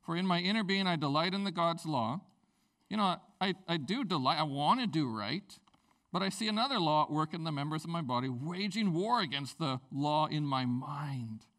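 A male pastor giving a sermon, lively and joking, mixing scripture with personal stories. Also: a little high, normal speed.

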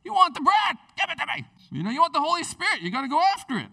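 A man preaching a casual, excitable sermon, chatty and animated. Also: extremely high pitch, rapid-fire, creaky, recorded from a distance. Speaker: pastor.

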